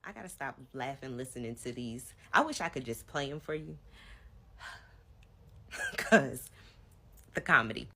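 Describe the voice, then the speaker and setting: A woman with a notably low, deep voice tells her own story in a relaxed storytime vlog. She chats directly to her viewers. Her delivery is casual and conversational. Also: unhurried, long pauses. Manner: chatty, addresses viewers directly.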